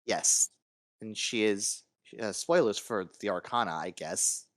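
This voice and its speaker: Halting man in casual podcast banter. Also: lowish voice, no room sound, studio quality. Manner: halting, lots of fillers and restarts, swears. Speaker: podcast co-host.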